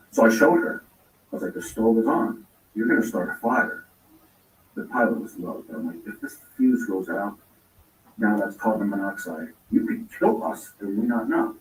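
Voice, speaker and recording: Male guest, low register, rambling casual storyteller, echoey room with faint background hiss. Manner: rambling, acts out quoted lines of dialogue. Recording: roomy echo, distant from mic.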